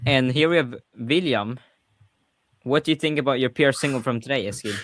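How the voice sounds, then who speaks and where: A man's voice: mid-range voice, brisk, a bit bright. A man with a Swedish accent hosting a casual livestream chat, talking freely and often correcting himself mid-sentence. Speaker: podcast host.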